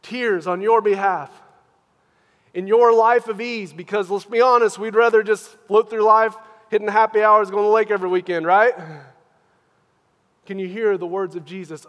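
A man preaching a sermon as a pastor, earnest and questioning, moving from hushed, tender phrases to loud, pressing appeals. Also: high voice, fairly even intonation, normal speed, in a large hall.

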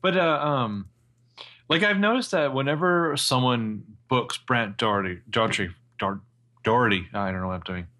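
Guy with a crisp bright voice co-hosting a podcast, jokey and a bit sweary. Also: mid-range voice, moderate pace. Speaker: podcast co-host. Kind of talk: casual chat.

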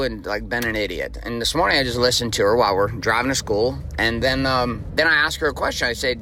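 A man's voice: medium pitch, animated, a little fast, few pauses, bright, forceful tone, slight background noise. A man in his forties hosting a motivational podcast, talking bluntly and emphatically, with frequent profanity. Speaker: podcast host.

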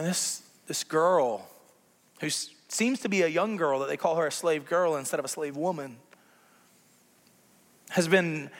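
High-voiced preacher man in a reverberant hall. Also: vocal fry. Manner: animated, conversational preaching with playful asides. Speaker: pastor. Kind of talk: sermon.

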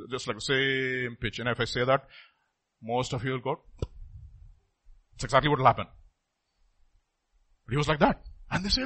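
A pastor preaching a sermon emphatically, his voice swinging from loud outbursts to hushed asides. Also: medium pitch, animated, normal speed, pauses often, breathy edge.

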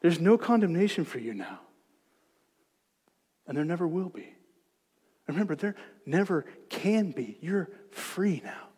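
In the long reverb of a church sanctuary, a high-voiced pastor preaches to his congregation, very animated and slightly breathy. At a measured pace with frequent pauses, he moves from soft, gentle reassurance to loud, emphatic exhortation.

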